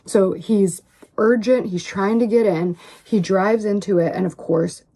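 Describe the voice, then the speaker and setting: A woman's voice: mid-range voice, a little slow, warm tone, husky. A woman earnestly recounting a long story, rambling and filling her talk with "like". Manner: rambling, heavy on "like". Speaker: online personality in a played clip.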